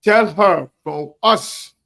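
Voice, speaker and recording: Hosting a live online talk show, a man gives shout-outs to viewers and hammers his points home through emphatic repetition, addressing his audience directly. His slightly high, bright voice has a gravelly fry, a forceful tone, and drawn-out words.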